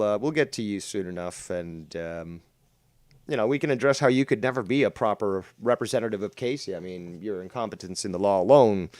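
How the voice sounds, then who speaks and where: A man's voice: on the low side, a little mellow, no echo. A man hosting a livestream drama commentary show, talking in a profane, mocking, rambling way. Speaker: host.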